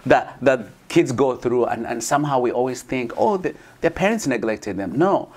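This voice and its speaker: A man talking as an interview guest, earnest and halting, with many restarts and "you know". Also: mid-range voice, animated, a little mellow. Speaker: guest, foster parent. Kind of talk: conversational interview.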